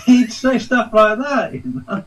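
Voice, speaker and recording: A man's voice: high-pitched, very animated, takes it slowly, a loud crowd. Man telling anecdotes, distant mic. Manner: anecdotal, acts out quoted people with laughs. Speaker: podcast guest. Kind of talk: casual chat.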